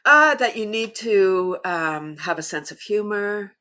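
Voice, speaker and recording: A middle-aged woman who leads laughter yoga, talking as a guest in an animated way and often breaking into demonstration laughs. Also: mid-range voice, unhurried. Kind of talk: conversational interview.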